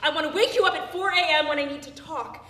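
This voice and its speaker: An actress on a theater stage playing a grieving, sharp-tongued woman who swears and turns sarcastic. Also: high-pitched, quick pace. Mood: defiant. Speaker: stage actor. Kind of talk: live stage drama. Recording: roomy stage sound from a distant mic.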